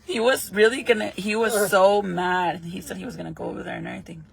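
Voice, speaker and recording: A woman's voice: mid-range voice, fairly even intonation, fast talker, creaky. A young woman chatting casually while doing her makeup, swearing freely and laughing often. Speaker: vlogger.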